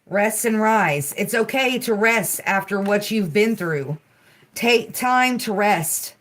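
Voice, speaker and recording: A woman hosting a healing livestream, speaking soothing affirmations and chatting casually with soft, giggly asides. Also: medium pitch, lively intonation, slow pace. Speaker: livestream host.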